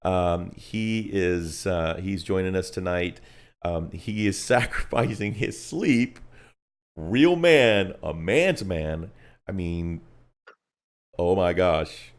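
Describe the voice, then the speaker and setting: A man hosting a casual live stream, telling stories in a lively, rambling way. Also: low voice, takes it slowly. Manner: animated storytelling, rambling with restarts.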